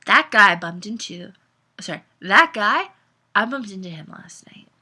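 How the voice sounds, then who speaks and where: A woman's voice: medium pitch, lively intonation, moderate pace, pushed and bright, slightly rough, exaggerated voice. A woman reading as a blunt, snappish teenage boy. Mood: urgent. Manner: curt and snappish.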